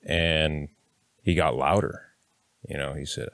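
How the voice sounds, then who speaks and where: He's a man in his thirties from Kansas, United States, with a bass voice that is steady, creaky, and fairly bright, moving slowly with frequent pauses. His personal story to camera comes out blunt and plainspoken, now and then with a curse or an acted-out quote. The studio sound is clean, with no room sound.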